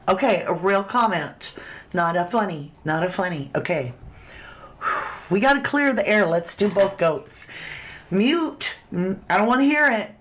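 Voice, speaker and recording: A woman hosting a casual true crime livestream, chatting straight to her viewers and reading their comments aloud. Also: mid-range voice.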